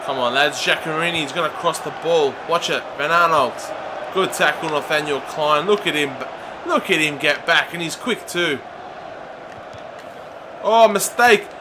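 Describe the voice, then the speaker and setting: A young man giving excitable, often shouted commentary while playing a football video game. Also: a little high, background noise. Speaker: gaming YouTuber.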